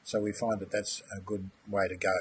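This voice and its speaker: A man's voice: fairly low pitch, little pitch movement, brisk, a bit bright, a little hiss or hum. Enthusiastic man presenting a webinar. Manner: enthusiastic, chatty, uses "mate". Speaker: aquaponics course host.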